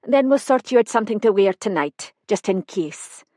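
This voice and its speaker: A woman voicing a sunny, homely Highland woman chef in her sixties, in an audiobook. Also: lively intonation, normal speed, dry recording, clean studio sound, close to an everyday voice. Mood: cheerful. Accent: Scottish Highlands. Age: 60s. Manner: warm, homely.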